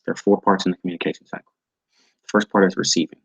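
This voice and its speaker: A man with a low, husky voice teaches an online training class over a video call. He talks in a halting way, repeating words and restarting his sentences. The sound is dry and dull, like lo-fi call audio. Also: fairly even intonation, dry recording. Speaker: instructor.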